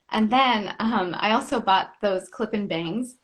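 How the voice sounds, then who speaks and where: A young woman, an actress and comedian, chatting as a guest in a live interview, animated and playing out little quoted voices as she laughs. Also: medium pitch, unhurried. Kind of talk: lively live interview chat.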